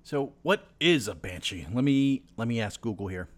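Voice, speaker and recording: Animated playful male podcast co-host. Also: mid-range voice, moderate pace. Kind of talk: casual comedic podcast chat.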